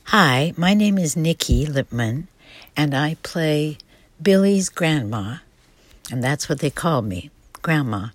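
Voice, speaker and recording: A woman, a stage actor giving a slow, gentle scripted self-description. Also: low voice, animated, no echo.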